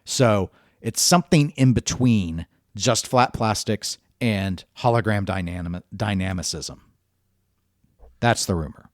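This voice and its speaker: A man with a fairly low voice co-hosts a casual gaming podcast, thinking aloud and often restarting his sentences. The sound is dry and close, with no room echo. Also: slow pace. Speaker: podcast co-host.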